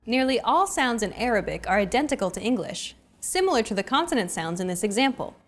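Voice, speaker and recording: A young adult woman hosting a language lesson in an upbeat, clear teacherly delivery. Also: on the high side, sing-song, brisk. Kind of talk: scripted lesson narration.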